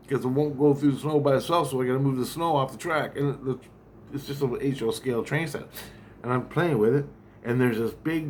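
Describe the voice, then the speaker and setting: A man's voice: medium pitch, slight background noise. Profane, rambling male storyteller. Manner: profane and rambling, with many restarts. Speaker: vlogger. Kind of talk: rambling spoken dream account.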